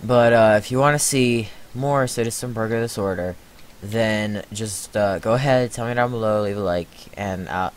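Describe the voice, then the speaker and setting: Low-voiced joking man hosting gameplay. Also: normal speed, a little hiss or hum. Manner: joking, playacting as a burger clerk. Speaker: channel host. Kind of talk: comedic gameplay chat.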